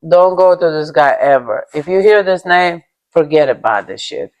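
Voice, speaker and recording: A woman's voice: deep voice, lively intonation, moderate pace, darkish tone. A young woman from Russia with a Russian accent, bluntly telling a personal story and swearing freely. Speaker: vlogger.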